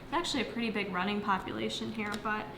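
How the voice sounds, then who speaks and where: A woman's voice: medium pitch, quick pace, gravelly, noisy background. A young woman fitness coach chatting casually on a livestream from home, answering viewer questions with lots of fillers while she eats. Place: home, near the kitchen. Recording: echoey room.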